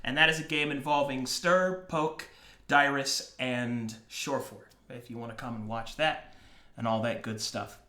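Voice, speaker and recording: A man's voice: medium pitch, measured pace, reverberant. A man hosting a tabletop game stream as game master, wrapping up with casual, laughing banter. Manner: laughing, animated, swearing banter. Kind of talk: casual stream outro chat.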